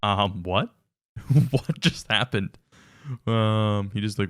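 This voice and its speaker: A man's voice: fairly low pitch, measured pace, music in the background. A man hosting a casual reaction commentary, wry and incredulous, laughing often. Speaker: reaction video host.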